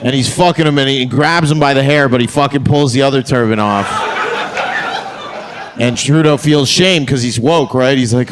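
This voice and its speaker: A man's voice: medium pitch, moderate pace, a crowd in the background, noisy background. Brash, crude male stand-up comic. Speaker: stand-up comedian. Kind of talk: stand-up set. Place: comedy club stage.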